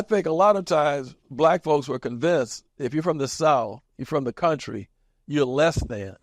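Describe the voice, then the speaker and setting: A man's voice: on the high side, moderate pace, dry recording, clean studio sound. A man in his seventies from small-town Kansas, an interviewed community activist recalling his past in an emphatic, wry storytelling way and chuckling at his own anecdotes.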